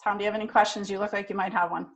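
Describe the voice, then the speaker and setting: A middle-aged woman giving a training talk to front office staff, direct and energetic in her coaching. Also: medium pitch, rapid-fire, dull audio.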